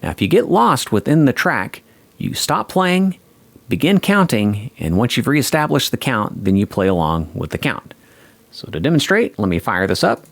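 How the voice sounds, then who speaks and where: A man teaching a guitar lesson, calmly explaining and counting the beat aloud. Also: mid-range voice, normal speed, creaky, no echo. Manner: calm explaining, counting beats aloud over a track. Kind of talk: instructional lesson.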